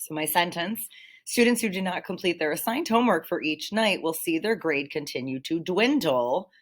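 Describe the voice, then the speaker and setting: Woman teacher, deep voice, patient explainer for a recorded vocabulary lesson. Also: animated, normal speed. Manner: patient, explanatory, with frequent "um" and throat clearing. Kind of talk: vocabulary lesson over slides.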